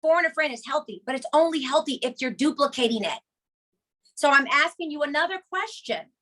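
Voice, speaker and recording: A woman hosting a motivational team call, energetic and emphatic, repeating her key points with chatty asides. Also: high voice, fairly quick.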